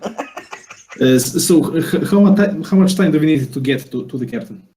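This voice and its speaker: A man's voice: on the high side, lively intonation, a little fast, mellow, a little hiss or hum, rough recording. A man playing a tabletop game, speaking hesitantly with many fillers. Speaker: player. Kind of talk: casual tabletop play.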